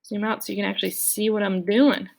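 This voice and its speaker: Gravelly-voiced woman teaching kids to draw. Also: medium pitch, little pitch movement, fast. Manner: cheerful, playful, speaks directly to kids. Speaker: art teacher. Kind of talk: children's drawing lesson.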